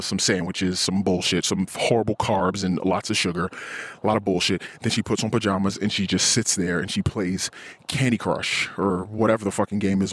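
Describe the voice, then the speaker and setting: Ranting, husky-voiced man. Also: no echo. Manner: frustrated, ranting, swears often; mimics others in high voice. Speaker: podcast host. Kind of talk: venting personal monologue.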